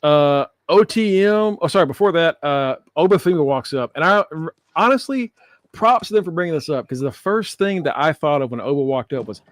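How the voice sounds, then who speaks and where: A man hosting a casual podcast, recapping wrestling with animated, profane storytelling and frequent laughter. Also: fairly high pitch, a little fast, dry recording. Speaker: podcast host.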